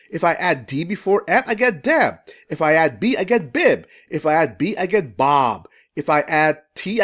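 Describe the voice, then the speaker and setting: A reading teacher speaking to parents in an educational video, asking questions and slowly sounding out letters and syllables. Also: medium pitch. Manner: sounds out phonics slowly and asks the viewer questions.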